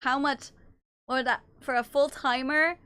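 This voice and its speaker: Picture a young woman livestreaming who answers her chat on the spot, teasing and cursing as she goes. Her voice sits high and bright. The sound is close and dry, with no room around it. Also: steady tone, clear, resonant tone, no room sound. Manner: playful, teasing and swearing, quick reactions to chat. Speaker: streamer.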